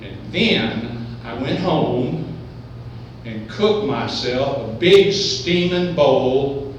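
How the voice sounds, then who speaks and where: A man's voice: mid-range voice, very slow, muffled recording. Man, live comic storytelling, swooping delivery, distant mic, noisy background. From Oklahoma. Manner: animated, playfully exaggerating. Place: event hall, indoors. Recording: echoey hall, distant mic, background noise.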